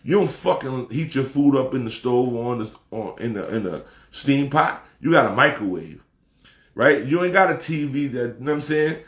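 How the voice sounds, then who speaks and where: A man delivering a heated, profane casual rant, talking with emphasis and rising to shouts. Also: mid-range voice, animated, moderate pace, roomy sound. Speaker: commentator.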